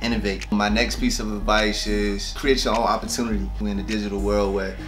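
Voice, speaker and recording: A young man with a Virginia accent, an actor chatting casually about a web series and telling animated stories. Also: lowish voice, brisk, over music. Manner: animated storyteller, acts out loud quoted voices. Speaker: actor guest. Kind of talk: casual behind-the-scenes chat.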